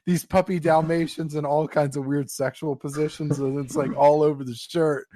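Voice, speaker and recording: A man's voice: fairly high pitch, flat delivery, normal speed, warm tone, slight background noise. Crude storytelling man on a podcast. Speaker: podcast co-host. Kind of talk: casual chat. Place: Pennsylvania.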